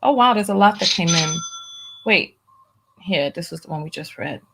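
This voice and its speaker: A woman hosts a livestream commentary channel, speaking bluntly and emphatically, repeating phrases for weight and reading viewer donations aloud between her own remarks. Her fairly low voice is animated, husky and a bit bright, with vocal fry, at a normal pace.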